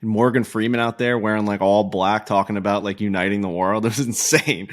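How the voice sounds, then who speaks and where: A man co-hosting a casual podcast, rambling and animated with lots of filler likes. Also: fairly low pitch, a little fast. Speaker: podcast co-host. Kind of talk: casual chat.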